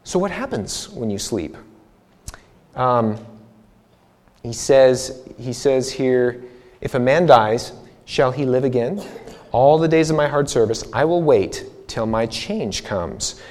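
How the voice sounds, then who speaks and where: A man's voice: medium pitch, slow, a little mellow. A man leading a Bible seminar, preaching in a casual, conversational way with frequent repetitions and restarts. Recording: long reverb hall.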